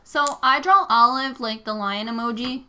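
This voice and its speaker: A woman's voice: a little high, normal speed, sharp tone. A young woman livestreaming while she crafts, chatting in a rambling, casual way with lots of "like" fillers. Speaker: livestreaming vlogger.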